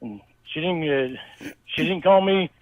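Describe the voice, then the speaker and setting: A man's voice: fairly high pitch, unhurried, no room sound. A man in a recorded phone call, angry and profane, stumbling over his words as he complains. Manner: angry, profane, stammering restarts. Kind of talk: heated phone conversation. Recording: tinny phone line recording.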